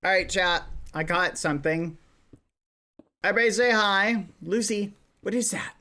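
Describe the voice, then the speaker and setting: A man's voice: sits high, normal speed, bright, forceful tone. A man streaming casually, chatting to viewers while coaxing his dog. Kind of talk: casual livestream chat.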